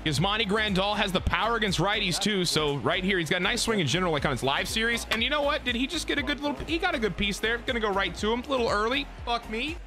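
A man giving live gameplay commentary, excitable and full of profane trash talk. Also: high voice, fast talker, music in the background. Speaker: gaming YouTuber.

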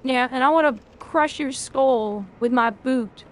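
High-voiced woman chatting on stream. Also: a little slow. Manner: casual, rambling, swears freely, reads out chat. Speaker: video game streamer. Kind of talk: live game stream chat.

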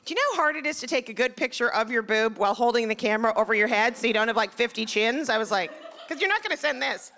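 A woman's voice: fairly high pitch, fast, hardly any pauses. A middle-aged woman performing a self-deprecating stand-up set on a theater stage, punchy and acting out the people in her stories. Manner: self-deprecating, punchy, acts out quoted voices. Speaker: stand-up comedian. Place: theater stage before a laughing audience. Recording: live show with loud crowd and noise.

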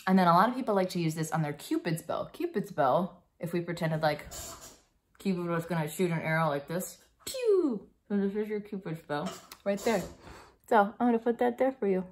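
A young woman with a low voice gives a stage makeup tutorial for kids. She is chatty and playful, with plenty of ums and goofy little sound effects. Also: a little fast, a little hiss or hum. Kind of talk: casual demonstration for kids.

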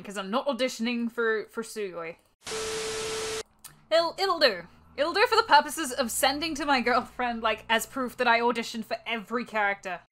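A woman's voice: a little high, background noise. A woman with an Australian accent chatting casually between audition takes, swearing a lot and joking at her own expense. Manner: swears a lot, self-mocking and giggly. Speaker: voice actor auditioning.

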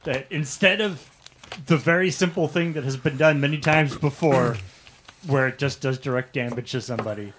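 A man's voice: mid-range voice, moderate pace, fairly bright tone, slight background noise. A man in casual stream chat who rambles with many fillers. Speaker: show regular.

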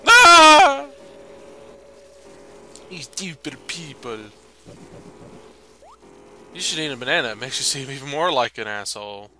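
A young man commenting on a video game as a let's play host, with loud outbursts, laughter and plenty of swearing. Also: on the high side, big pitch swings, measured pace, long pauses, a little hiss or hum. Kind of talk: gaming commentary.

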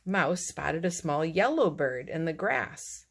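A woman with a low voice reads a children's storybook aloud, unhurried and expressive. Her tone rises and falls a lot as she tells the story. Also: gravelly, husky. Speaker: narrator.

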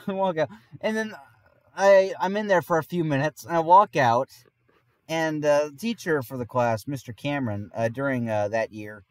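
A man's voice: a little high, no echo. Chuckling guy telling a rambling story. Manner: rambling, laughs often mid-sentence. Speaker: podcast host. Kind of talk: casual storytelling.

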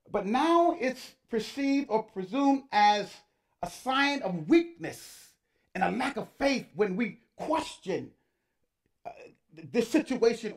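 An older man, a pastor, preaching a sermon with rising fervour, stressing his points and urging the congregation to speak to their neighbours. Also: sits high.

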